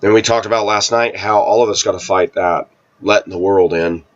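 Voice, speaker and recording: A man telling a story in casual, rambling talk, often clearing his throat and repeating himself. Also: deep voice, little pitch movement, brisk, highs cut off.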